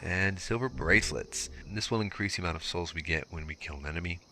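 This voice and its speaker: A young man with a very low yet bright, forceful voice talks through a game walkthrough in a relaxed, explanatory way. Faint noise sits behind him. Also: quick pace. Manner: casual, explanatory, with filler words. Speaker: gameplay commentator. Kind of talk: let's play walkthrough commentary.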